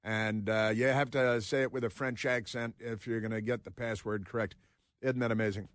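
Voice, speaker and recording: A man's voice: medium pitch, fairly even intonation, moderate pace, dry recording, studio quality. A man hosting a talk radio show, rambling sardonically between headlines he reads aloud.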